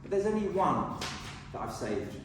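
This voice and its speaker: Telling an animated, self-mocking story, a middle-aged man gives a humorous address to a speaking club. His slightly high voice moves at normal speed, recorded from a distance in an echoing hall with a little hiss or hum.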